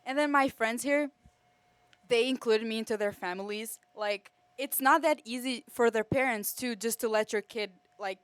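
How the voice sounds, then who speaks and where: Heartfelt young woman with a smooth voice. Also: a little high, dry recording. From Kosovo. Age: teens to early 20s. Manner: heartfelt, many fillers. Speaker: exchange student. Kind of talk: emotional thank-you speech. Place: school TV studio.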